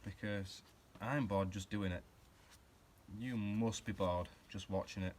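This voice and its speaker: A low-voiced man talking to camera in a home garage while he works, drifting between jokes and shop talk. He pokes fun at himself and rambles off on tangents as he goes. A faint background hum sits under his voice. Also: fairly even intonation, measured pace, darkish tone. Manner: chatty, self-mocking, rambling asides while working. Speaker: hobby car restorer and channel host. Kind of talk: casual workshop vlog chat.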